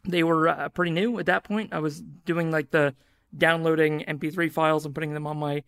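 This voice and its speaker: A man's voice: a little high, steady tone, a little fast, vocal fry, fairly bright tone, clean tone. A man with a Pacific Northwest American accent, chatting as a podcast guest in a wry, self-deprecating way. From grew up rural near Seattle and in New Zealand. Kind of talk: casual podcast chat.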